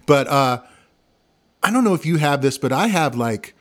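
Man, Missouri-raised, Midwestern drawl with a hint of twang, gravelly, raised pitch, casual laughing chat. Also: lively intonation, normal speed. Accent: Midwestern American with a slight country twang. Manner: gravelly, laughs often, loose and swearing. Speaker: guest singer-songwriter. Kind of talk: casual conversation.

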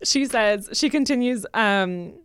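A woman's voice: fairly high pitch, slow pace, noisy background. A young woman co-hosting a casual podcast, reading listener letters aloud with chatty asides and frequent laughter.

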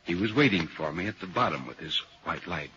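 An actor narrating an old radio drama as a calm, skeptical visitor, telling the story in measured tones and asking level-headed questions. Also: male voice, deep voice, a little hiss or hum. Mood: grim narration. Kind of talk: 1940s radio acting. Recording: dull old radio recording.

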